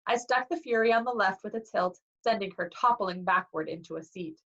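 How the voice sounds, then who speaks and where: A woman reading a novel aloud in a lively way, acting out the dialogue, on a dull lo-fi recording. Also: mid-range voice, a little fast. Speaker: reader.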